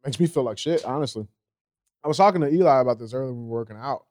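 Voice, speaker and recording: A man's voice: mid-range voice, rapid-fire, a little mellow, no room sound. A man co-hosting a podcast who speaks bluntly and profanely, telling stories in a casual way. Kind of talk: casual chat.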